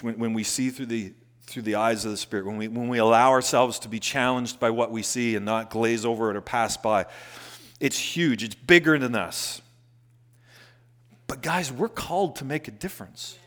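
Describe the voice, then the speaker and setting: A male pastor delivers a sermon in a church hall, his mid-pitched voice trailing into a long reverb. He drops to near-whispers, then climbs loud and insistent, repeating key phrases. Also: moderate pace. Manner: swings from soft hushed lines to loud emphatic rises, repeats phrases.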